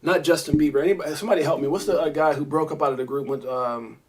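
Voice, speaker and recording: Animated New man hosting a live stream. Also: on the high side, racing, breathy edge. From Brownsville, Brooklyn, New York. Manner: animated, rambling, addresses chat viewers by name. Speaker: crypto livestream host. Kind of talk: live-stream commentary reading viewer chat.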